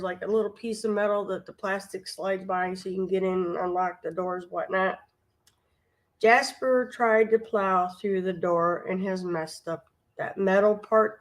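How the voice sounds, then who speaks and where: Slow-talking woman telling homespun stories. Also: mid-range voice. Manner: rambling, homespun, with many asides and restarts. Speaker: vlogger and live stream host. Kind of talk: casual storytelling chat.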